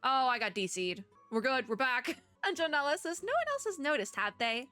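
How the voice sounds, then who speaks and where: A woman's voice: high-pitched, big pitch swings, fairly quick, sharp tone, soft background music. A woman with a strained throat reading a story game aloud and rambling through casual commentary with frequent laughs. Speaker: streamer playing a story game.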